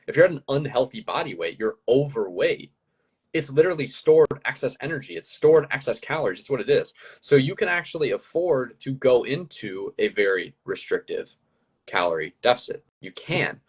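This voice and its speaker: Husky-voiced man explaining fitness. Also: mid-range voice, very animated, moderate pace, rough recording. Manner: explanatory, peppered with "right?". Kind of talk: casual explanatory talk.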